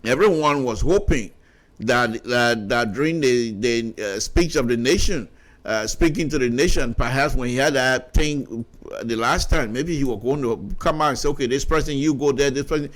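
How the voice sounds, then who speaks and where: A man's voice: mid-range voice, normal speed. A middle-aged man with a Liberian English accent giving impassioned political commentary on radio, repeating himself and stumbling over restarts. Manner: impassioned, repetitive, stammering restarts.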